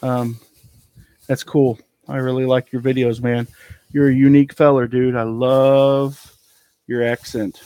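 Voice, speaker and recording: Rambling through his haul in a cluttered storage room, an eBay reseller chats casually on a live stream, often trailing off with ums. He has a mellow mid-range voice, a flat and slightly slow delivery, and a clean, echo-free sound.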